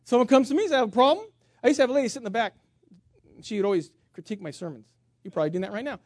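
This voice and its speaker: A man preaching as a pastor, animated and humorous, jumping between loud emphasis and quiet asides. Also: extremely high pitch, rapid-fire, no echo, studio quality. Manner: humorous storytelling with self-mockery. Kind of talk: sermon.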